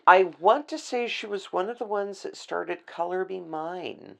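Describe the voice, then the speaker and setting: A gravelly, creaky voice at a middle pitch, chatting casually on a podcast set. The speaker fondly recalls people they have met and speaks of them affectionately. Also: unhurried. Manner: chatty, affectionate, name-dropping.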